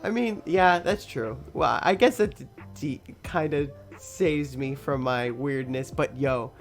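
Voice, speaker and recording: A man's voice: medium pitch, unhurried, soft background music. A young man hosting a podcast, telling a story in a casual, rambling way, swearing freely and laughing often. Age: young adult. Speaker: podcast host.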